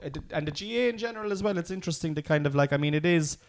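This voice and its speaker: An Irish man chatting casually on a podcast, animated and swearing freely. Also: a little high, very fast. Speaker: podcast co-host, former referee.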